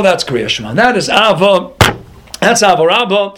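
A man teaching a Torah lecture, asking questions and answering them himself, his voice jumping up in excited peaks. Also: moderate pace, background noise. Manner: animated, with excited high-pitched peaks.

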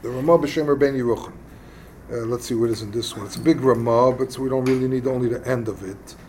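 A man teaching a casual text study lesson, explaining passages in a halting, conversational way and acting out quarrels. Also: mid-range voice, a little mellow, a little hiss or hum. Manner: halting, explains texts plainly and acts out quarrels. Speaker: religious teacher.

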